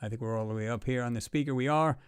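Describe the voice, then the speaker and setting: A man's voice: mid-range voice, very fast, smooth, no room sound, studio quality. A man hosting a casual livestream chat, talking in a loose, rambling way and reading viewer comments aloud. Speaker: livestream host.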